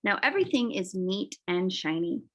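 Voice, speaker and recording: A woman voicing a brisk, fussy farmer's wife while reading a children's storybook aloud. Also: medium pitch, expressive, fairly bright tone.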